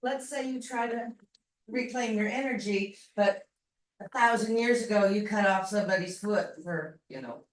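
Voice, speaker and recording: A woman's voice: mid-range voice, normal speed. A woman in a class audience asking the lecturer a tentative question. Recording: echoey room from far off.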